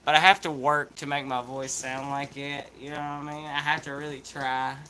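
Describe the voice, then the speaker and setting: A man's voice: on the high side, flat delivery, moderate pace, bright, forceful tone, a little hiss or hum, rough recording. A man with an Appalachian accent chatting in a laid-back, rambling, slangy way as a vlog host. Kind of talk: casual chat vlog.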